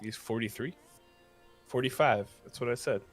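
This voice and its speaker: A man's voice: medium pitch, normal speed, soft background music. A man co-hosting a casual gaming morning show, goofy and offhand, reading birthdays with mix-ups. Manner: goofy, offhand, mixes up names.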